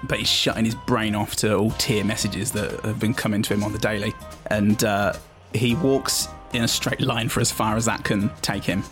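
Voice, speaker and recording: A man playing a character in a tabletop role-play, relaxed and chatty. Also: lowish voice, normal speed, music in the background. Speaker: player.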